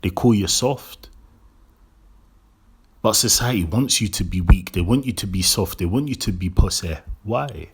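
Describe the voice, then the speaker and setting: A man hosting his own vlog, delivering a preachy monologue that repeats key lines slowly and keeps asking "right?". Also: lowish voice, breathy edge. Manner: tags statements with "right?". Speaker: vlog host.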